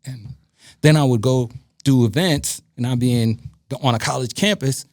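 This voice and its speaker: A man's voice: medium pitch, normal speed, dry recording, studio quality. A man from Brooklyn, a guest DJ and producer, telling anecdotes on a casual podcast and acting out other people's lines with plenty of swearing. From Brooklyn, New York. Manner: animated anecdote-telling, acting out quoted dialogue, frequent profanity.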